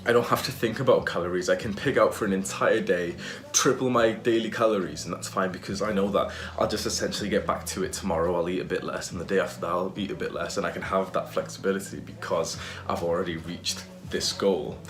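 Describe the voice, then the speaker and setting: Deep-voiced casual young man vlogging. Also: fairly even intonation, fast, soft background music. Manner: casual, loose and profane, with fillers. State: out of breath after push-ups. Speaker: fitness vlogger. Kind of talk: casual vlog talk.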